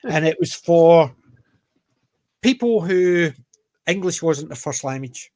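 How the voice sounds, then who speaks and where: Animated Scottish man with a high voice. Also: takes it slowly. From Scotland. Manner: animated storytelling, emphatic. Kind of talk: casual panel chat.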